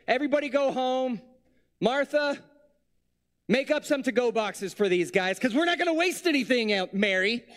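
A man voicing a whiny, exasperated male Jesus who rants and throws a tantrum. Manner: shrill, exasperated ranting.

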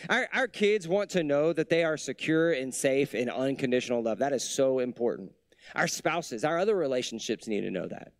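A man preaching a sermon as a pastor, in a conversational way with many rhetorical questions, dropping soft and low for tender lines. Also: animated, normal speed, dry recording, clean studio sound.

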